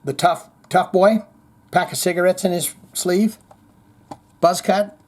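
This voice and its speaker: Male metal-news host, a touch high in pitch, chatty, blunt and sarcastic, reading comments. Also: fairly even intonation, slow, darkish tone. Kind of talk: casual chat reading viewer comments.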